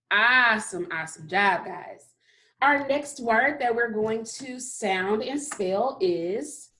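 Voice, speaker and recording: A woman's voice: fairly high pitch, expressive, sharp tone. A woman teaching a recorded phonics lesson to kindergarteners, sounding out letters and praising often. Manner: slow, encouraging, sounds out letters.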